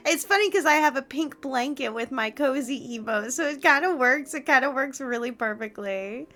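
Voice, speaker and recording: A woman's voice: high voice, moderate pace, few pauses, bright, forceful tone. A young woman streaming from home, chatting casually with her viewers, gushing and giggly as she greets them. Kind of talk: casual live-stream chat.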